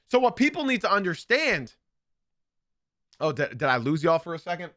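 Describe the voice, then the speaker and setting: A man's voice: high-pitched, big pitch swings, moderate pace, pauses often, pushed and bright, dry recording, studio quality. A young man hosting a live sports podcast, giving opinionated commentary and repeating his points for emphasis. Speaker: podcast host.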